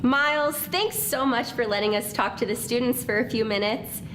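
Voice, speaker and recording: A woman's voice: a little high, moderate pace, noisy background. A woman presenting to students in a friendly way and leading them in a cheer. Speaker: school presenter. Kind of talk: scripted talk to students.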